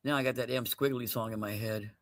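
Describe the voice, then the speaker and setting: A man's voice: medium pitch, steady tone, fast talker. A man hosting a casual livestream giveaway, joking loosely, laughing often and calling out to viewers by name. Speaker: livestream host running a giveaway.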